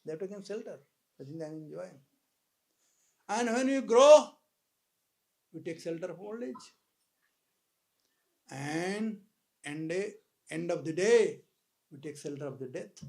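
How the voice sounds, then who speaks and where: High-voiced man giving a sermon. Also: expressive, vocal fry. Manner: storytelling with dramatic pauses, swells in loudness. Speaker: spiritual speaker. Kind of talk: sermon with anecdote. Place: live hall talk.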